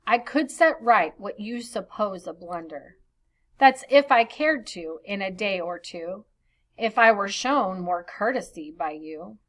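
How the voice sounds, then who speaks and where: A woman reading the lines of a petulant young knight as slow, plainly spoken verse. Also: mid-range voice, animated, a bit bright. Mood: scornful.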